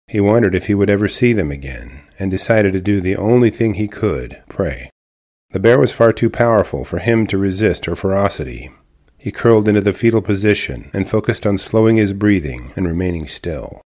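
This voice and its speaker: Deep-voiced male storyteller. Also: a little mellow. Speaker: narrator. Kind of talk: scripted true-story narration.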